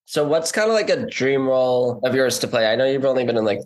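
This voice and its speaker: A man's voice: mid-range voice, animated, fast, a little mellow. A male interviewer with a mid-range voice runs a casual chat. He phrases his questions loosely and rambles a little, leaning on fillers as he goes. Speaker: interviewer, host.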